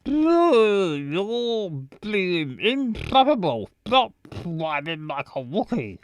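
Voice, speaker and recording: A woman's voice: medium pitch, very animated, slow pace, no echo, low-quality recording. A woman voicing a blunt, teasing best friend in a video game. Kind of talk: game voice acting.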